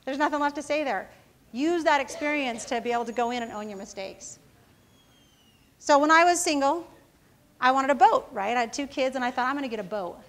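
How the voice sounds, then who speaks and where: Woman, high voice, casual motivational speaker, self-mocking stories, keeps asking the crowd "right?". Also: fairly quick, pauses often. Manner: casual storytelling, often asking the audience "right?". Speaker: business founder giving a talk. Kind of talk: motivational talk to students.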